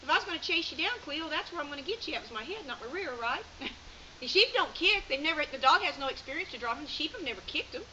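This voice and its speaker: A woman's voice: high-pitched, lively intonation, quick pace, pushed and bright. A woman, coaching a student as a sheepdog trainer at an outdoor clinic, directive and chatty, explaining as she goes. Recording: muffled outdoor recording with hiss.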